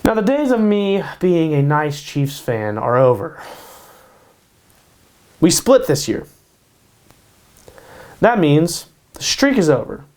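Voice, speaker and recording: A man's voice: fairly high pitch, very animated, takes it slowly, long pauses, a little mellow. A man hosting his own show, giving casual sports predictions in a hyped way, repeating his picks and tacking "baby" onto them. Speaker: host. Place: home in Kansas.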